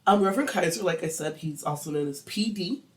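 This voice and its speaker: A woman's voice: on the low side, fairly quick, rough recording. A woman co-hosting a true crime podcast, telling the story in casual chat, swearing now and then and slipping into a Southern drawl.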